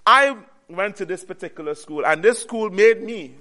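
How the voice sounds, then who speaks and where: A man preaching a sermon, earnestly repeating key phrases and pausing on "what?" to let listeners finish the line. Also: high-pitched, animated, bright, forceful tone. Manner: call-and-response, pausing on "what?" for the audience to finish.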